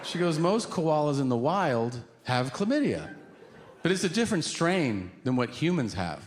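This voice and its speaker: At a comedy venue, a middle-aged man with a voice on the high side does a stand-up set at a moderate pace. The live hall recording includes audience noise as he spins lively stories and plays both parties in every exchange.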